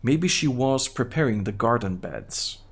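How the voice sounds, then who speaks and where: A man with a Bulgarian accent streaming a game, reading its text aloud and adding quick, half-joking asides. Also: mid-range voice, animated, breathy edge. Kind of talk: live gameplay commentary, reading game text.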